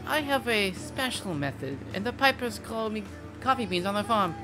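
A game streamer doing a put-on French accent to voice a stylish, self-proud cafe owner, telling the story slowly and grandly. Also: medium pitch, sing-song, lightly acted. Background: game music.

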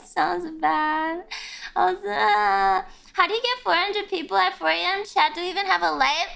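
A woman's voice: extremely high pitch, moderate pace, gravelly, sharp tone. A woman streamer chatting casually on a live stream, giggly and self-mocking, often bursting into squeals.

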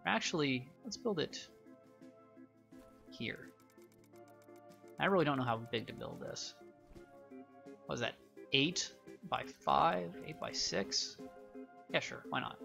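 A man's voice: mid-range voice, expressive, unhurried, vocal fry, long pauses, bright, forceful tone, soft background music. A young man hosting a gaming channel, giving casual, rambling game commentary with many fillers.

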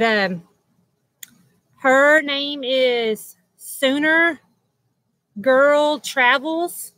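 A woman's voice: fairly high pitch, pushed and bright, low-quality recording. A woman hosting a casual livestream chat at home, greeting viewers by name and laughing often. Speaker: livestream host. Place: at home beside a loud air conditioner.

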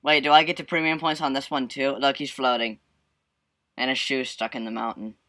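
A man giving casual gameplay commentary as he plays, excitable, yelping and laughing at the action and humming to himself. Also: mid-range voice, a little fast. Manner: excitable, bursts into yelps and laughs, hums to himself. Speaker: let's play gamer.

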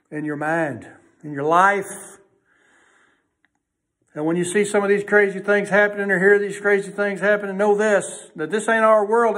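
A man preaching a sermon in a folksy way, emphatic and swinging between loud and hushed delivery. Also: high-pitched.

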